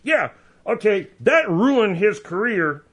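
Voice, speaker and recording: A man banters casually as a co-host on a talk radio show, offering blunt opinions. His voice is notably high for a man. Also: big pitch swings, slow pace, a bit bright, slightly rough.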